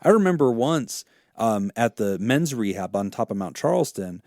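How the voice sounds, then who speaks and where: A man who works as a therapist, co-hosting a podcast and telling a story in a casual, animated way, swearing freely. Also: medium pitch, normal speed, dry recording, studio quality.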